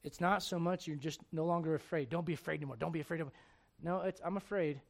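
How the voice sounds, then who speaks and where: A man preaching a sermon as pastor, speaking emphatically with loud bursts and direct questions to the congregation. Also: fairly high pitch, fairly even intonation, fast talker, gravelly.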